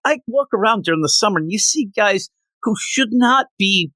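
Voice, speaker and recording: A man co-hosting a podcast, chatting casually in an animated, rambling, joking way. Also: sits high, normal speed, no room sound. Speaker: podcast co-host. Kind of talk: casual chat.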